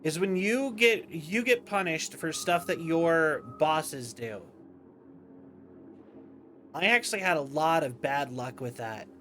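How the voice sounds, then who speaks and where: A man's voice: on the high side, expressive, takes it slowly, fairly bright tone, a little hiss or hum. A tired man streaming late at night, rambling and interrupting himself in casual livestream commentary. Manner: rambling, self-interrupting, chatty. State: tired, yawning.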